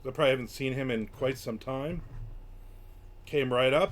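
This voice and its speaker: In a medium-pitched voice at a moderate pace, an older man streams casually from a room in his home. He chats and grumbles his way through a story, acting out the quotes.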